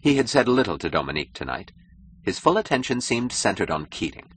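A man reading a novel aloud as an audiobook narrator, in an expressive, measured way. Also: low-pitched, a little hiss or hum.

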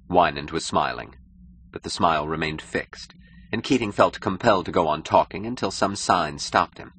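Deep-voiced man narrating a novel. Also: moderate pace, a bit bright, slight background noise. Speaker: audiobook narrator. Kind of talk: audiobook narration.

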